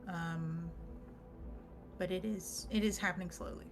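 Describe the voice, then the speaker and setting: Female player, lower voice, soft dry delivery, over background music. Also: fairly even intonation, measured pace, vocal fry. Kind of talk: tabletop game play.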